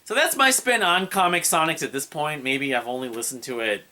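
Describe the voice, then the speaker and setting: A man's voice: fairly high pitch, brisk, sharp tone. A man casually reviewing an album, rambling and hesitant with many fillers and restarts. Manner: hums and scats melodies.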